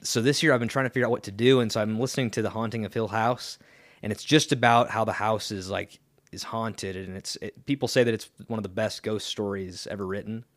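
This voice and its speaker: Young man, low voice, casual podcast chat, halting, filler-heavy, dry close sound. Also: steady tone, dry recording. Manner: rambling, halting, lots of fillers and restarts. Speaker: podcast co-host.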